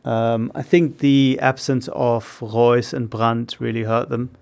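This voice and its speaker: A man talking football analysis in a measured way, with some fillers. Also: mid-range voice, flat delivery, vocal fry, darkish tone, clean tone. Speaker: football pundit. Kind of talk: casual chat.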